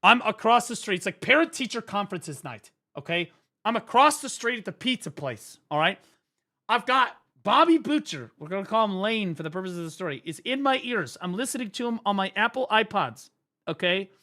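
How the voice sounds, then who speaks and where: Guy streamer talking fast and cursing a lot, high bright voice, ex-teacher telling stories. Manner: profane, animated storyteller. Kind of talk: casual stream chat and storytelling.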